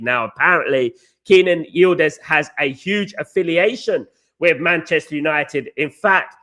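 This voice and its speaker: A man hosting a casual football live stream, reading out viewer comments and chatting through transfer news, his voice a little hoarse. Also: a little high, bright, forceful tone. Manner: chatty, repeats "of course, guys", greets chat viewers by name. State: slightly hoarse. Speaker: football podcast host. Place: hotel or flat in Naples, indoors.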